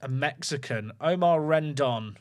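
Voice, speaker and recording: Thinking aloud while playing a football management game, a gaming streamer keeps up casual livestream commentary with his viewers. He speaks at a measured pace in a slightly high voice with a darkish tone.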